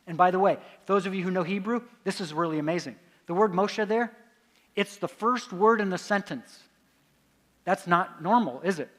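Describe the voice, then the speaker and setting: At a conference, a man lectures in a high, light, fairly bright voice at a normal pace. He keeps quizzing the audience and answering his own questions, his words echoing with long reverb through a large hall.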